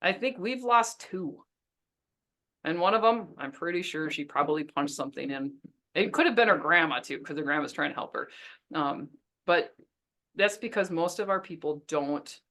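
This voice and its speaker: A woman business coach teaching a webinar in a lively, chatty way, laughing often. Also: low-pitched, unhurried, pauses often.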